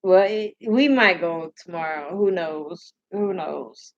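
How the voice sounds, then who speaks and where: A woman's voice: on the low side, takes it slowly, highs cut off. A sleepy woman hosting a casual live stream, rambling, laughing and answering comments from her chat.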